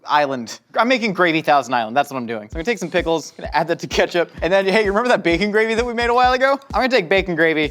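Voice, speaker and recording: A man's voice: high voice, rapid-fire, hardly any pauses. A young man hosting a cooking show, joking with his crew as he demonstrates a recipe. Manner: jokey, excitable, talks to the crew.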